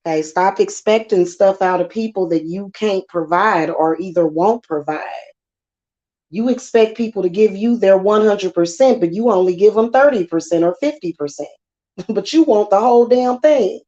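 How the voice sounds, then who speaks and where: A woman's voice: mid-range voice, moderate pace, mellow. Sassy chatty woman, dull lo-fi sound. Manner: chatty, sassy, repetitive fillers. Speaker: spiritual channel host. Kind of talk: casual monologue.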